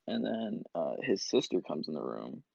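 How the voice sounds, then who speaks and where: A man's voice: low voice, sing-song, normal speed, vocal fry, husky, no echo. A young man and podcast co-host telling a long casual story, full of filler words and acted-out quotes. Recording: dull lo-fi podcast mic.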